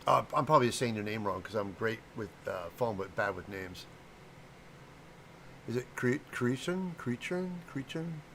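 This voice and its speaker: Middle-aged man, gravelly, fairly low voice, rambling livestream chat, faint background noise. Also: normal speed, long pauses, pushed and bright. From American Midwest. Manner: rambling, chatty, greets viewers, stumbles over names. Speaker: livestream host and prop maker.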